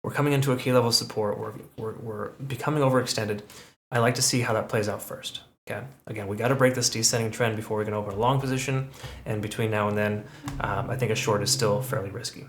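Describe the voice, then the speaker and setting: A crypto market analyst with a lowish, slightly bright voice talks quickly and fairly evenly as he goes through price charts. His commentary is conversational, peppered with check-ins like "okay" and "right?", and the recording has roomy echo plus a little hiss or hum.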